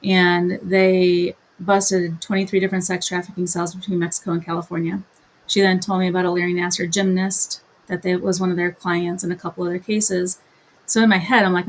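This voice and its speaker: A woman's voice: lowish voice, flat delivery, a little fast, a little hiss or hum, low-quality recording. A middle-aged woman, a guest on an interview, telling a personal story with feeling and acting out the conversations she recounts. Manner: emotional, retells conversations in quoted dialogue. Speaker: guest, mother and advocate.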